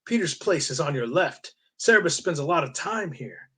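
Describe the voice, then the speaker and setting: Casual: guy reading as a gruff old-soul aardvark, husky, kinda high. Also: expressive, normal speed, pushed and bright, full character voice. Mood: world-weary. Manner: refers to himself in third person. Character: gruff male aardvark guide, world-weary.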